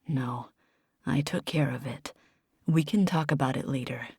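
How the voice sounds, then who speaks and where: A woman reading an audiobook, voicing a gruff man who mumbles quietly. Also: a little slow, no echo, studio quality, full character voice. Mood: awkward. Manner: low, mumbling.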